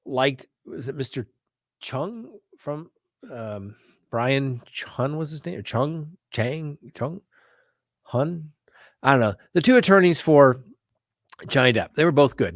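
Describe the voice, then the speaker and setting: A man's voice: mid-range voice, dry recording, clean studio sound. A middle-aged man hosting a live viewer Q&A, talking emphatically and often checking in with "okay?" and "right?". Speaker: host answering viewer questions. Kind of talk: live Q&A chat.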